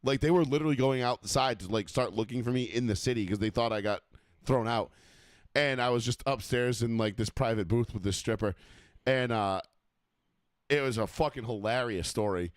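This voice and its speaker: A man's voice: medium pitch, normal speed, no room sound. Blunt, swearing male co-host with a dry, close sound. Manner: blunt, swears freely, ranting storyteller. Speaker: podcast co-host. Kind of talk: casual profane chat.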